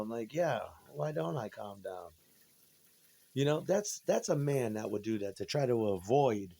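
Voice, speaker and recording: A man's voice: mid-range voice, a little mellow. A man in a rambling, profane monologue from home, agitated and tripping over his words. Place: at home, indoors.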